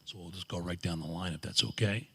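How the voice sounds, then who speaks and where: A man's voice: sits low, fast, vocal fry, bright, forceful tone, breathy edge. A man moderating a panel, polite and direct.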